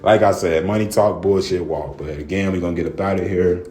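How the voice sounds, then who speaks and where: A man's voice: low-pitched, fairly even intonation, fairly quick, dark tone. A man giving casual, profane ranting commentary, laughing often and peppering his talk with "man", "bro" and "y'all". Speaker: wrestling commentary vlogger. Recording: echoey room, faint music.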